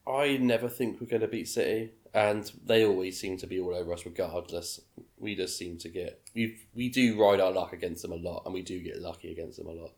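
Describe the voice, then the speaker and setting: Deep voiced guy on a footy pod, blunt, swears a lot. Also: steady tone, fairly quick, a little mellow. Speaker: podcast co-host. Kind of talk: casual football podcast chat.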